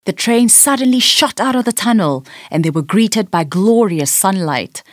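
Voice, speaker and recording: Expressive woman reading a children's story. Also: mid-range voice, moderate pace, dry recording, clean studio sound. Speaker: storybook narrator.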